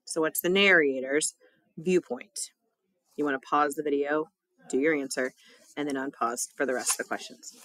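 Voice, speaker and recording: A woman's voice: low voice, moderate pace, a bit bright. A woman teacher reading a test and a poem aloud for her students, in a casual, chatty way with small laughs.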